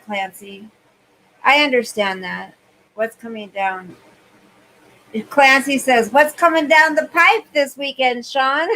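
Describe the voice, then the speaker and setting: Woman, overheated live-stream host, high voice, unhurried, chatty with chat readers. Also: sharp tone, rough recording. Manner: chatty, reads viewer comments aloud and answers them. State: overheated and sweaty. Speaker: livestream host.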